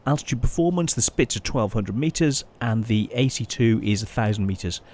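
A man giving casual, chatty gameplay commentary as a channel host, often pausing and restarting his sentences. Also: mid-range voice, animated, a little mellow. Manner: chatty, halting, many restarts and fillers.

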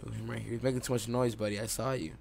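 A young man giving excitable live commentary over his own video game play, recorded on a desktop microphone at home. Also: mid-range voice, rapid-fire, creaky, slight background noise. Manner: excitable, reacts aloud to the game. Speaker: gaming YouTuber. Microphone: desktop USB mic.

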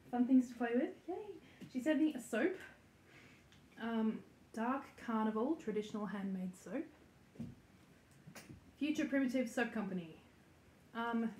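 Her voice is a little high and warm as she hosts a laid-back cross-stitch vlog from her home stitching room. She talks to the camera in a chatty, giggly way, using lots of ums and likes. The recording has an echoey room sound and faint noise.

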